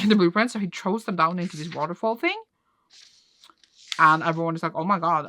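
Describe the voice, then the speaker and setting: A woman's voice: sits low, fairly bright tone, no echo. A young woman chatting casually as she recaps a comic she is reading, laughing often and filling with "like". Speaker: reading vlogger.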